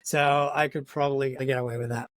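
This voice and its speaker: A man's voice: mid-range voice, fairly even intonation, a little fast, a bit bright, no echo. A man from Yorkshire putting on an American accent as a podcast co-host, chatting in sweary, self-mocking banter. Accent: put-on American accent. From Yorkshire, England. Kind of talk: casual podcast chat.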